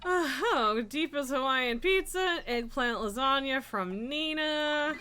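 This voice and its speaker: A woman's voice: high-pitched, animated, slow, sharp tone, slight background noise. A woman streaming a farming game, chatting casually and giggling, who slips into baby talk with her cat. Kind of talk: casual livestream chat while playing a farming game.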